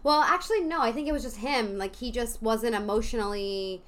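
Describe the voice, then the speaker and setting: A woman co-hosting a podcast in casual chat, relaxed, with many "like"s and quick quips. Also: on the high side. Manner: relaxed, filler-heavy, chiming in with quips. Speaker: podcast co-host.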